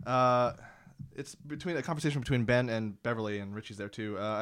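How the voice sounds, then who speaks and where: A man at an ordinary middle pitch talks through his film picks with care. He pauses often, filling the gaps with small hesitations. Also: fairly bright tone. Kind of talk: casual film review chat.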